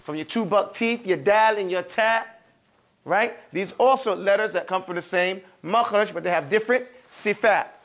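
A man with a fairly high voice leads a classroom lesson on Quran recitation. He drills each sound slowly and repeats it several times. He often stops to check that his listeners are following. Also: fairly bright tone.

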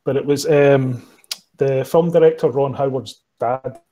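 A man's voice: medium pitch, a little slow, dark tone, faint music behind, low-quality recording. A man with a Scottish accent, a podcaster guest telling stories in casual chat, swearing freely and laughing at himself. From Scotland. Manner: swears freely, laughs often, self-mocking storyteller.

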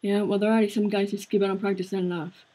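A woman voicing a sick, downcast teenage boy who speaks quietly, in a husky voice. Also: mid-range voice, little pitch movement, rapid-fire, close to an everyday voice, rough recording. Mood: weary. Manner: quiet, subdued.

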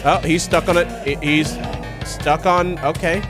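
A young man giving excitable, laughing commentary while playing a horror video game. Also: on the high side, measured pace, music in the background. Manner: excitable, laughing, talks to himself and the viewers. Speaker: gaming YouTuber.

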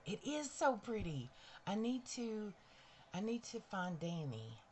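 A woman's voice: mid-range voice, sing-song, measured pace, darkish tone, slight background noise. A woman hosting a casual live stream from her bedroom, chatty and bubbly, greeting viewers by name. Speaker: livestream host. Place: bedroom at home.

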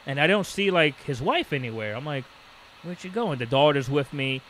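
A man's voice: medium pitch, fairly quick, a little hiss or hum. A man co-hosting a podcast, casually telling a story and acting out the voices of the people in it. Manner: animated storyteller, acts out quoted voices. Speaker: podcast co-host.

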